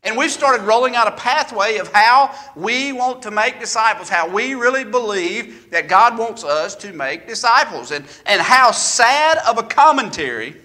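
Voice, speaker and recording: Male pastor, folksy and joking, bright high voice. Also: lively intonation, moderate pace, few pauses. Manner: folksy, joking storyteller addressing a congregation. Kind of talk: sermon. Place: church sanctuary.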